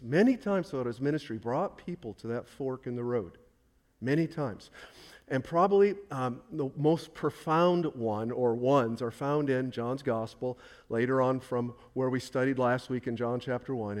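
A man's voice: mid-range voice, darkish tone. Emphatic man preaching a sermon. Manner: emphatic, repeats key phrases for stress; asks questions and answers them himself. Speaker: pastor.

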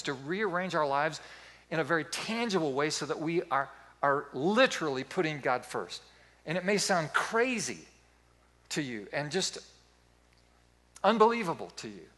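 A man in his fifties preaching a sermon as pastor, telling stories in an animated, playful way. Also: fairly high pitch.

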